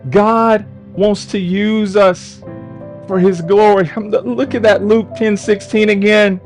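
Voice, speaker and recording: A man's voice: high voice, rough recording. A man preaching a sermon with fervent delivery, his voice rising into cries at the peaks. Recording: faint music behind.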